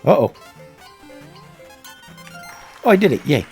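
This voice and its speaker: This streamer's voice is fairly high and a little mellow, racing along with big pitch swings, as faint music plays behind. He chats and rambles casually, laughing often, while playing a video game from a home room near plumbing on a desk microphone.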